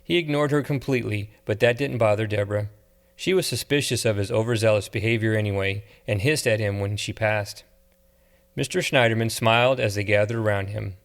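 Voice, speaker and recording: A man narrating an audiobook novel in a measured, steady way. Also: on the low side. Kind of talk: scripted narration.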